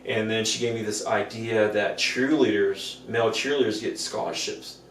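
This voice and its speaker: Telling stories on a podcast he co-hosts, this man keeps things casual and lively, imitating the voices of the characters involved. He speaks on the low side at a moderate pace, recorded in an echoey room through a distant mic with faint background noise.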